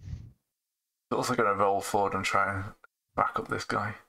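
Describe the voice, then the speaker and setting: Man running a tabletop game, husky. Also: lowish voice, level tone, measured pace, pushed and bright, poor audio. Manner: matter-of-fact, narrating rolls and turns. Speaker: game master.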